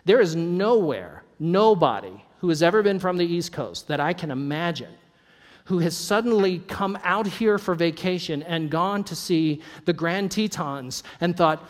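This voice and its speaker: High-voiced pastor in an echoing hall. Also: male voice, expressive, unhurried. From North Idaho. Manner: conversational, joking asides, laughs often. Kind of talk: sermon.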